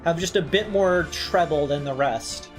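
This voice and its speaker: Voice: medium pitch, measured pace. Casual game streamer, rambling, playful, light music behind.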